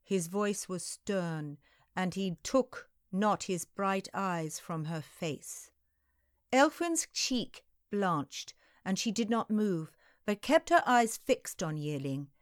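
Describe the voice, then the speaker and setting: A woman narrating a historical novel in the first person, in a slow, unhurried audiobook reading. Her voice sits mid-range and is recorded dry and close, with no room sound. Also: mid-range voice, lively intonation, no echo. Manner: slow, measured storytelling.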